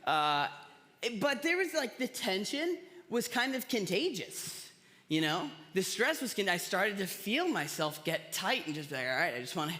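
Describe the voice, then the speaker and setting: A man preaches in a relaxed, storytelling way, slipping in self-deprecating jokes. His voice sits fairly high and sounds bright and forceful. A long reverb from a large church hall trails each phrase. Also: a little slow. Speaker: pastor. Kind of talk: casual sermon.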